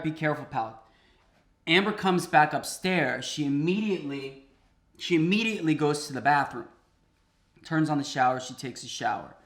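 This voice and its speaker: Bright-voiced man telling a funny story. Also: a little high. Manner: animated, laughing, conversational. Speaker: host. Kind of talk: comic storytelling while cooking.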